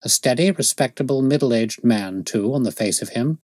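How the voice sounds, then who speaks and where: A man voicing a self-assured detective who lectures in a crisp, raised voice as he reads a story aloud. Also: medium pitch, animated, normal speed, a little mellow, dry recording, studio quality, close to an everyday voice. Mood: explaining. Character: brisk, aloof male detective, self-assured.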